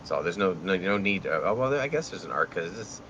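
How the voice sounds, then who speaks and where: Deep-voiced man rambling through a tabletop game. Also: animated, a bit bright, highs cut off. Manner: rambling, halting, giggly. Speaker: player. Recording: clear background noise.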